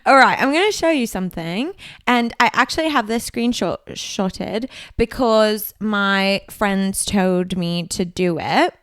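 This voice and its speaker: A woman's voice: mid-range voice, measured pace, hardly any pauses, a bit bright, clean tone, dry recording, studio quality. A woman co-hosting a podcast in casual chat, playful and giggly, coaching her friend. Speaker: podcast co-host.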